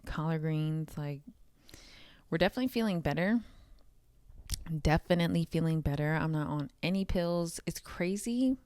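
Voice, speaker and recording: A woman's voice: sits low, a little mellow, clean tone, dry recording. Chatty, candid woman vlogger. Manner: chatty, candid, swears, laughs often, frequent "like" fillers. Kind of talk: casual talking-head vlog.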